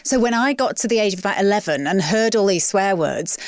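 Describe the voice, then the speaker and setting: A woman's voice: medium pitch, animated, fairly quick, no echo. A woman hosting an interview, chatting frankly and sharing her own stories. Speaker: podcast host, interviewer. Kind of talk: casual interview chat.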